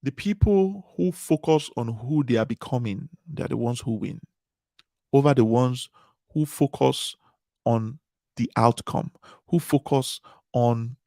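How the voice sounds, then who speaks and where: A man's voice: medium pitch, unhurried, creaky, dark tone, no echo, studio quality. A man giving a motivational conference talk, repeating key phrases with emphatic, preaching cadence. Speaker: conference speaker.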